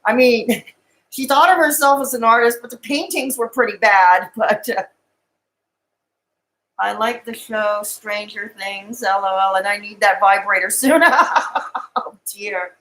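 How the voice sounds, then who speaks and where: A woman's voice: medium pitch, steady tone, unhurried, long pauses, a bit bright, rough recording. A woman hosting a live stream, chatting casually and giggling as she rambles and answers comments.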